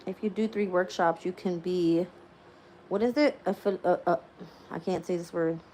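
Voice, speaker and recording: A woman's voice: lowish voice, steady tone, normal speed, warm tone, slight background noise. Tired, laughing woman tarot reader. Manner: laughs often, swears casually. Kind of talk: live-stream tarot reading and casual chat.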